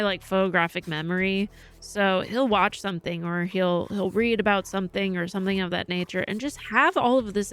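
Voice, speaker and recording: A woman's voice: medium pitch, fairly bright tone, smooth. A woman live-streaming, telling a rambling story in casual chat and swearing freely.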